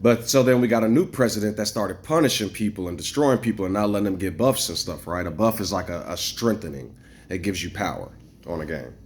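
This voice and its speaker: A man telling a long, rambling story to camera, animated and profane, acting out what others said. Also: fairly low pitch, a little fast, a little hiss or hum. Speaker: vlogger. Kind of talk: casual storytelling rant.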